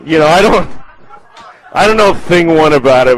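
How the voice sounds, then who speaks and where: A man's voice: a little high, animated, takes it slowly, pauses often, a little hiss or hum, poor audio. A man doing a stand-up set in a comedy club, rambling and profane, with self-mocking asides.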